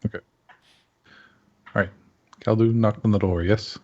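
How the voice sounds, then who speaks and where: A man's voice: lowish voice, steady tone, measured pace, a little mellow, dry recording, highs cut off. A man playing in a tabletop game, chatting casually and making joking, wry asides. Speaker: player.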